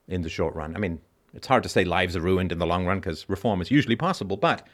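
A man's voice: deep voice, animated, quick pace, hardly any pauses. A man hosting a call-in show, giving an emphatic philosophical monologue and repeating key lines for stress. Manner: briefly acts out other people's reactions in mocking voices.

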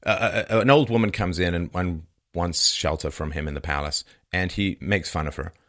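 A man's voice: deep voice, a little fast, fairly bright tone. A man giving an opinionated monologue, sarcastic and mocking, repeating points for emphasis. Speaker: commentator.

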